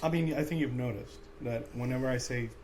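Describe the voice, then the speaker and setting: A man is a comedy podcast co-host rambling through casual talk. He swears freely and strings his thoughts together with fillers, at an average pitch. A faint noise sits under the voice. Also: brisk, darkish tone. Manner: loose, profane, rambling with many fillers.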